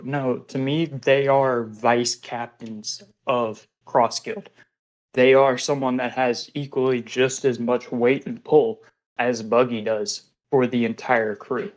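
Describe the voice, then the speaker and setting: A man's voice: mid-range voice, measured pace, poor audio. A man co-hosting a casual podcast, rambling loosely as he argues his take between bites of food. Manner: relaxed, rambling, arguing his case while eating. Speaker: co-host. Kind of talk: casual chat.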